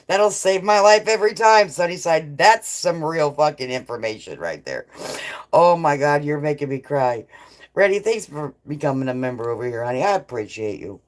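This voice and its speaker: A woman's voice: low voice, expressive, normal speed. A middle-aged woman hosting a casual live chat, laughing often and swearing freely as she reads viewers' comments. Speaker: livestream host.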